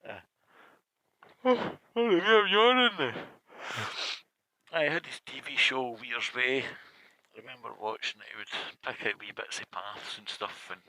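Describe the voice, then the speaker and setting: A Scottish man gives rambling, casual travel commentary outdoors, his voice sitting at an everyday pitch. His tone is bright and sharp, and he keeps dropping into little muttered asides to himself. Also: normal speed, no room sound, low-quality recording. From Scotland. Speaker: motorcycle vlogger. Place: outdoors by a loch, partly on a motorbike.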